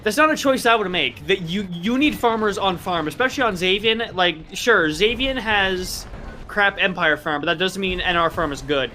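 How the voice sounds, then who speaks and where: A man's voice: high-pitched, lively intonation, normal speed, sharp tone, slight background noise. A man casting a live video game match with casual, joking commentary, laughing often and trying silly mock accents. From United States. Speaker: esports caster.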